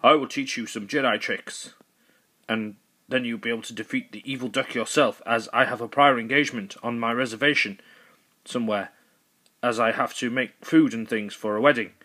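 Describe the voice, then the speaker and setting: A man voicing a solemn male warrior mentor who speaks slowly and formally. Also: medium pitch, steady tone, bright, forceful tone.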